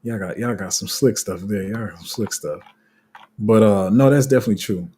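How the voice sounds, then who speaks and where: Livestream host, male, mellow husky tone, loose rambling delivery. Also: fairly low pitch, fairly quick. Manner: rambling, restarts often, laughs at himself; reads viewer comments aloud. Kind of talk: casual livestream chat reading comments.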